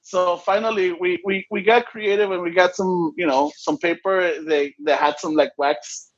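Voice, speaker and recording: A man's voice: sits high, steady tone, moderate pace, dull audio. A man co-hosting a podcast, joking in casual chat and mixing Spanish into his English. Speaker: podcast co-host.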